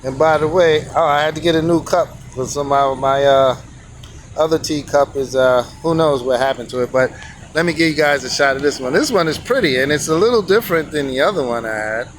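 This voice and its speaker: A man's voice: on the high side, brisk, a little hiss or hum. A man teaching on camera in a casual, easygoing, informal way. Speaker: calligraphy teacher.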